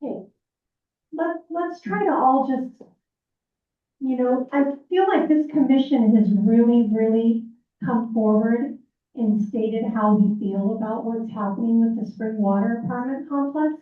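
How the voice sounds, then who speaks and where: A woman chairing a city meeting, speaking in a firm, calm and measured way. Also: on the high side. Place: city council chamber. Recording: echoey room, distant thin phone-like sound.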